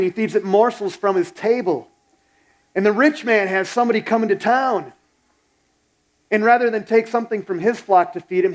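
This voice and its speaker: Blunt, fairly high-voiced male pastor preaching. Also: low-quality recording. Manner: blunt, exhorting, conversational storytelling. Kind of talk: sermon.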